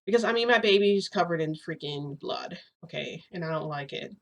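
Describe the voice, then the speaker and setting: A woman vlogger telling a long story in a casual, excitable way. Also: fairly low pitch, fairly quick. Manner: excitable, chatty retelling full of "I'm like" and "freaking".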